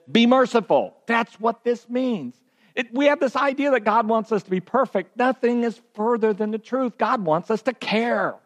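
A man preaching a sermon as pastor, telling stories and slowing to a soft, deliberate hush on his key points. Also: on the high side. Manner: storytelling, drops to soft slow emphasis on key points. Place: church sanctuary. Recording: long reverb of a church sanctuary.

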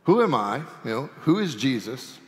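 Folksy pastor in a reverberant sanctuary. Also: male voice, mid-range voice, normal speed. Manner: folksy and animated, with humorous asides. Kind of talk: sermon. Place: church sanctuary.

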